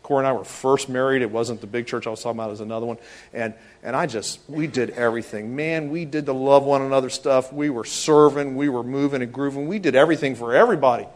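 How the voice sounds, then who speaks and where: A middle-aged pastor preaches fast in a medium-pitched voice. His sermon is animated storytelling, complete with acted-out voices for the characters.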